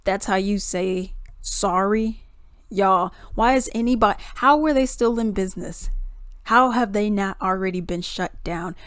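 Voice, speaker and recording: A chatty woman tells a storytime tale to her viewers, animated and exclamatory. Her voice sits mid-pitch, and the sound is close and dry with no room echo. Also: measured pace, clean tone. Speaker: storytime vlogger. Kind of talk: casual storytelling.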